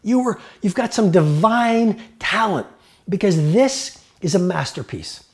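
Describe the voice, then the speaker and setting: A man voicing an excited woman fan in an anecdote, gushing with praise. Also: high voice, unhurried. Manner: eager, gushing. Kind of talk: motivational lecture.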